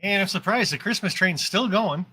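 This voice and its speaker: Bright-voiced male stream host. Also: high-pitched, normal speed, husky, dry recording. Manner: chatty, upbeat, rambling. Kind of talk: casual live stream chat.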